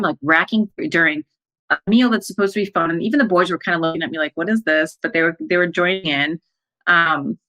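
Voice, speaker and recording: Low-voiced woman telling a personal story. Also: bright, forceful tone, low-quality recording. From American Midwest. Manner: emotional, breathless retelling with quoted dialogue. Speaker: life coach and podcast host.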